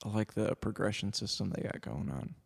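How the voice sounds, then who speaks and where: A man's voice: on the low side, brisk, vocal fry, husky, long reverb tail. A man co-hosting a casual podcast, trading dry, teasing quips while hiccuping. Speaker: podcast co-host.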